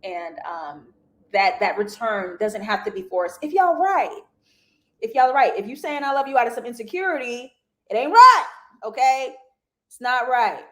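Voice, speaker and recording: A young woman hosting a live TV review, talking straight to her viewers in a loose, slangy way. Her voice sits a little high for a woman. She laughs often and tosses in asides as she breaks down the episode. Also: expressive, normal speed, a bit bright. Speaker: TV review show host. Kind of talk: casual live review chat.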